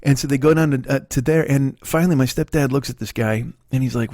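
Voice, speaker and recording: A mid-range, slightly mellow voice moves fast with few pauses as this middle-aged Chicago-accented man hosts his comedy podcast. Studio quality, no room sound; the storytelling is loose, profane and full of fillers.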